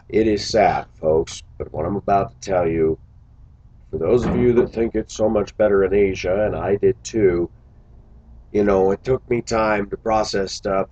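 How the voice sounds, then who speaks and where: A man's voice: fairly low pitch, a little mellow, muffled recording, slight background noise. A man talking to his viewers in a casual vlog monologue, musing aloud and breaking into exclamations. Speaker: vlogger.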